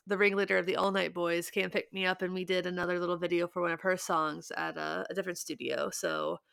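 A woman's voice: on the low side, steady tone, quick pace, creaky, fairly bright tone, no room sound, clean studio sound. A young woman co-hosting a podcast in casual chat, rambling through her stories. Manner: chatty, rambling storyteller. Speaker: podcast co-host.

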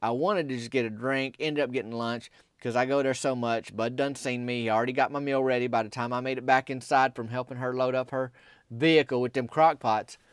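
A man's voice: mid-range voice, steady tone, fairly quick, clean tone, dry recording, clean studio sound. A young man telling a rambling, folksy story in a comedic character monologue.

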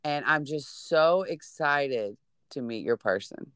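A woman's voice: sits low, expressive, slow, clear, resonant tone, no room sound, clean studio sound. A woman chatting casually, effusive and encouraging toward her friend. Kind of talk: casual chat.

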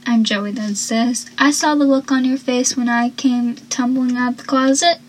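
A woman's voice: sits high, moderate pace, few pauses, slight background noise, rough recording. A woman chatting casually as she recaps a TV show, rambling and acting out the characters' lines. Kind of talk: casual chat.

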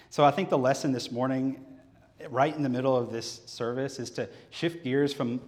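A man preaching a sermon on a microphone in a church sanctuary during a service, telling a scripture story and acting out its dialogue. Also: medium pitch. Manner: animated storyteller who acts out the scripture dialogue. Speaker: pastor. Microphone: handheld or headset microphone. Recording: reverberant church hall.

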